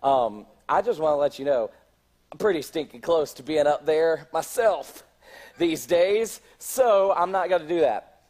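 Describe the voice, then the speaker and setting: A man's voice: a little high, lively intonation, a little slow, darkish tone. Man preaching a conversational sermon. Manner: conversational preaching with repeated restarts and questions to the congregation. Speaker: pastor. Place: church.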